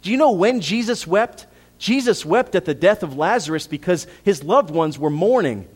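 Pastor preaching with soaring, then hushed delivery. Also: male voice, high-pitched, expressive, normal speed, breathy edge. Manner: rises to emphatic peaks and drops to soft, quiet appeals; repeats phrases for emphasis, asks the congregation questions. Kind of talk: sermon.

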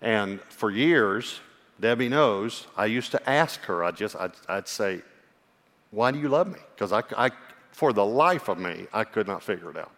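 A man preaching a sermon as a pastor, earnest and personal, sometimes dropping to a hushed voice for emphasis. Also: lowish voice, animated, normal speed. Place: church. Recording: long hall reverb.

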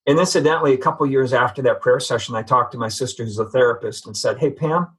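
A man's voice: medium pitch, steady tone, fast talker, a bit bright, slightly rough, rough recording. A man giving an earnest, reflective personal testimony as a guest in a conversation. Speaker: podcast guest.

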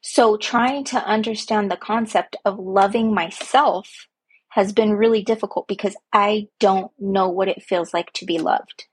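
Woman, podcast host, husky voice, unhurried, earnest reflective monologue. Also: medium pitch, fairly even intonation. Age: young adult to middle-aged, a parent. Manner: earnest, slow and heartfelt, with emphatic repetitions.

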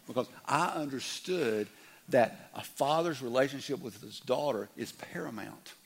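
Gravelly middle-aged pastor preaching, goes soft then loud, kinda husky. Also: male voice, medium pitch. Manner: earnest, drops to a hush then rises loud, stammers repeats. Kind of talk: sermon.

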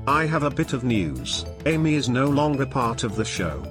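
A man's voice: medium pitch, big pitch swings, moderate pace, pitched above the performer's own voice, lightly acted. A man putting on the voice of a dry, formal male show announcer. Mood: deadpan. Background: music bed.

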